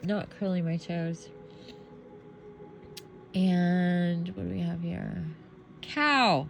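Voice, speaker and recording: A tired woman talks slowly and drowsily through a card deck at home, her voice sitting a little low. She sounds relaxed and half-asleep, and faint background noise hums under her. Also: creaky. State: sleepy, yawning. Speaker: tarot deck reviewer. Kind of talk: casual unboxing commentary.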